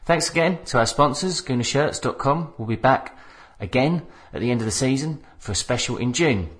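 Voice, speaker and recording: A man hosting a football fan podcast, telling stories in casual chat and bursting into shouted punchlines. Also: mid-range voice, lively intonation, moderate pace. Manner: storytelling, laughs into shouted punchlines. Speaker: podcast host.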